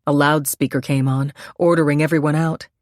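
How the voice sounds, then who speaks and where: A woman's voice: sits low, level tone, brisk, dry recording, studio quality. A woman narrating a suspense audiobook in a tense, dramatic reading.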